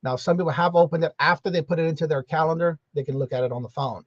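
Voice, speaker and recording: A man's voice: a little high, fast, dry recording. A man hosting a casual morning livestream, greeting viewers by name in a chatty, drawling way. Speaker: livestream host. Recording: slightly dull, lo-fi sound.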